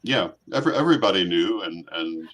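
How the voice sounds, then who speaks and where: A man co-hosting a talk show, chatting casually and offering measured, thoughtful remarks. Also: low voice, lively intonation, a bit bright. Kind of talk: casual chat.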